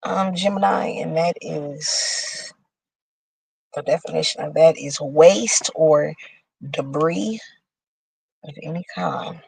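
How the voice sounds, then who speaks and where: A woman's voice: sits low, takes it slowly, gravelly, long pauses, a little mellow, husky, dry recording, low-quality recording. A woman hosting a casual horoscope show, reading signs aloud and riffing in a dramatic, profane, chatty way.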